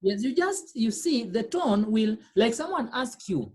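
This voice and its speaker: A woman's voice: on the high side, very animated, a little slow, hardly any pauses, a little mellow, breathy edge. Patient woman teaching French. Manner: explains patiently, repeats phrases, checks understanding with "okay?". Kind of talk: online class lesson.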